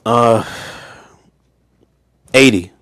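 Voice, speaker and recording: A man with a mid-pitched voice reads old scripture aloud in an ordinary speaking tone. He keeps cutting in with loose, slangy asides and rhetorical questions to his listeners, like a relaxed Bible study leader. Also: very slow. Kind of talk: scripture reading with casual commentary.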